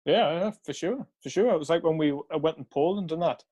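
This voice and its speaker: A man's voice: on the high side, a little fast, warm tone, slightly rough. A young man casually telling a rambling story, swearing often and laughing along. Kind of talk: casual chat.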